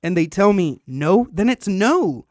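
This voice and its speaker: A man hosting a podcast, telling a story in a casual, animated and profane way, acting out what people said. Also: sits high, measured pace, no room sound, studio quality. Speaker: podcast host.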